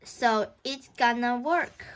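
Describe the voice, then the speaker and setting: A woman's voice: a little high, slow, fairly bright tone. A woman reading a children's book aloud, voicing a mischievous, scheming schoolboy in an eager way.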